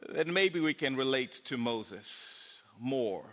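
A man's voice: medium pitch, lively intonation, slow pace, fairly bright tone, long reverb tail. A male pastor preaching a sermon in a conversational way, with fillers.

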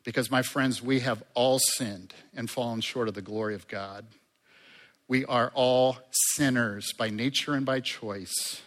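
A male pastor delivers a sermon at an unhurried pace, at a middle pitch. He talks to the congregation in a friendly, conversational way and swings into louder, livelier passages. His voice carries a long echo from a large hall. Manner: conversational, with lively rises in loudness and asides to the congregation.

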